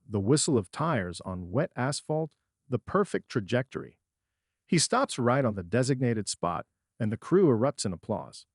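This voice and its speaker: A middle-aged man narrating a first-person dramatic story in a measured, storytelling manner. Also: medium pitch, husky, dry recording, clean studio sound.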